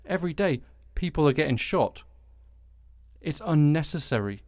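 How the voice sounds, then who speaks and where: A man's voice: fairly high pitch, lively intonation, normal speed, darkish tone, dry recording, studio quality. Exasperated British man ranting, swearing. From Britain. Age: 40s. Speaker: podcast host. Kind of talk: solo podcast monologue.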